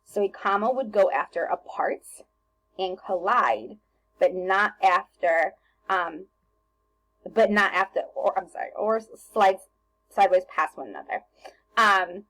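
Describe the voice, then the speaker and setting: A woman teacher talking students through a recorded grammar lesson on slides, relaxed and chatty with lots of ums and self-corrections. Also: mid-range voice, normal speed, low-quality recording.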